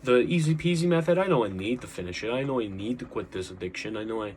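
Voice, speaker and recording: A man voicing a procrastinating man with a New York accent who keeps making excuses, loud and whiny. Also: medium pitch, animated, quick pace, a little hiss or hum, close to an everyday voice.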